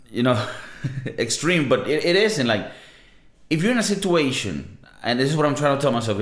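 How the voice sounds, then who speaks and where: A man's voice: on the low side, a bit bright. A man in his thirties hosting a casual solo podcast, talking in a laid-back, profane, rambling way. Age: 30s. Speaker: podcast host. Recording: roomy echo.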